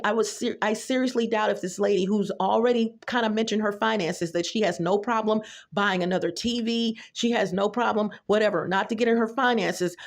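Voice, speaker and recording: A middle-aged woman with a drawl and a gravelly, rough-edged voice, holding forth in a reaction vlog. She speaks bluntly and profanely, telling stories and talking straight to her viewers. Her pitch sits in an ordinary middle range for a woman. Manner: blunt, profane, storytelling, addresses viewers directly. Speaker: YouTube commentator.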